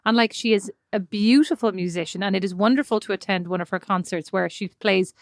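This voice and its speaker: A woman's voice: mid-range voice, fairly quick, no echo, clean studio sound. A woman co-hosting a podcast, chatting wryly with her sister and laughing at herself. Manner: wry, self-deprecating, laughs often. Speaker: podcast co-host. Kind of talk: casual chat between sisters.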